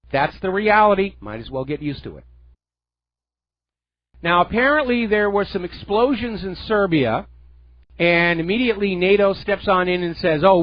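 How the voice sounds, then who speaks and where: A man hosting talk radio in a forceful, sarcastic monologue, his voice pitched fairly high for a man. The sound is dry and close to the mic, with a slightly dulled, lo-fi radio quality. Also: no room sound. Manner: emphatic, sarcastic, mocks quoted figures in a put-on voice. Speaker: radio talk show host.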